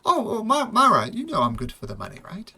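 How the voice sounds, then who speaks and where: A man voicing Hendrik, a smooth-talking male merchant who keeps asking for favors and hedges about money. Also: high voice, huge pitch swings, brisk, bright, forceful tone, voice pushed up, heavily acted. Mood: wheedling. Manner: wheedling, hedging.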